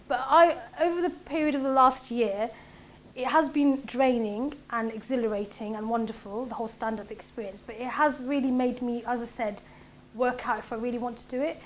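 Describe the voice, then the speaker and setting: High-pitched woman, 30s, comedic speaker, animated storytelling with faint background noise. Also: fast talker. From Britain. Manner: punchy, animated delivery with quoted voices. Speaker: comedian giving a talk. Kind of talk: conversational talk with comic stand-up bits. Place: event room.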